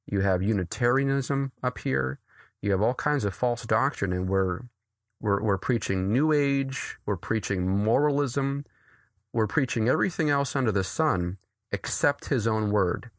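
A man from New England, an author and pastor, talking earnestly as an interview guest, with quick restarts and frequent laughs. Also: medium pitch, no echo, studio quality.

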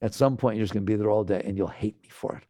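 A man's voice: fairly low pitch, very fast, mellow, no room sound, studio quality. A man giving a spiritual talk on meditation to a live audience, speaking conversationally and often checking in with his listeners. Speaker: meditation teacher.

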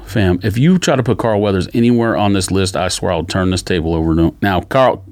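A man's voice: low-pitched, brisk, a little mellow. A man co-hosting a podcast, arguing his points emphatically in casual chat. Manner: argumentative, emphatic. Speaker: podcast co-host.

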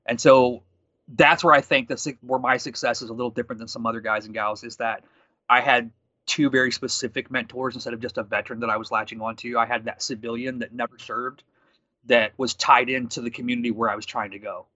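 Fast-talking bright-voiced man. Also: medium pitch, dry recording, dull audio. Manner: fast, animated storytelling with quoted dialogue. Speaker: guest. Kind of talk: conversational storytelling.

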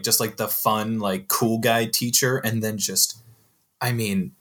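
A man's voice: fairly low pitch, steady tone, a little slow, a bit bright. A young man talking as a guest on a movie podcast, rambling with lots of filler words. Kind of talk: casual movie discussion.

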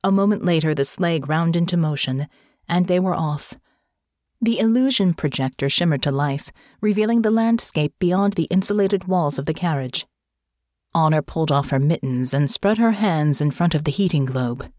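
Brief: expressive woman reading an audiobook, low-pitched and animated, dry studio mic. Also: normal speed, no room sound. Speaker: audiobook narrator. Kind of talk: scripted narration.

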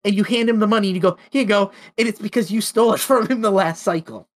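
Man co-hosting a chat show, animated storyteller. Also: sits high, rapid-fire. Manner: animated storytelling with acted-out quotes. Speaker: podcast co-host. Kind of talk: casual chat.

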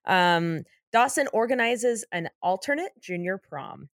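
A woman's voice: medium pitch, lively intonation, a little slow, no echo, studio quality. A woman co-hosting a podcast who reads out episode facts in casual chat and giggles often. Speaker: podcast co-host.

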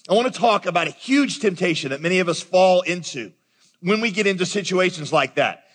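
A man's voice: high voice, a bit bright, breathy edge. A man preaching a sermon as pastor, talking conversationally and addressing the congregation directly. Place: large church auditorium. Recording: long reverb of a large hall.

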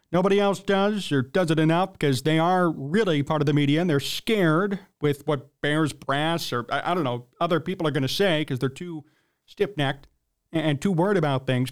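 Male sports-show host, fairly high pitched; blunt, emphatic opinion monologue. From United States.

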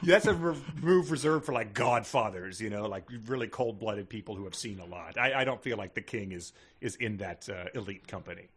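A man's voice: lowish voice, expressive, a little fast, hardly any pauses, a bit bright, breathy edge. A man co-hosting a podcast, making dry, wry remarks in casual comic chat. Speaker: podcast co-host.

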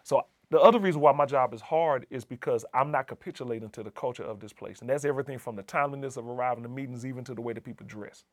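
A man's voice: medium pitch, dry recording, studio quality. Earnest man telling a personal story. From Southern United States. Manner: earnest, emphatic, repeats key phrases. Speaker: assistant dean of community and inclusion.

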